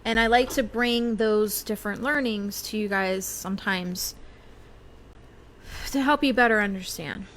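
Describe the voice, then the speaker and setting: A woman's voice: medium pitch, a little slow, fairly bright tone, slight background noise. Chatty woman medium on a livestream. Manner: chatty, with many fillers and small laughs. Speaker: psychic medium host. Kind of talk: casual livestream chat.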